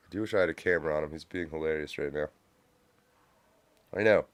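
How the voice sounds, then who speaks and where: A man's voice: very deep voice, fairly even intonation, rapid-fire, dry recording. A man hosting a live stream, giving blunt, profane reaction commentary from a home studio, close on a mic with a pop filter. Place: home studio with a cat nearby.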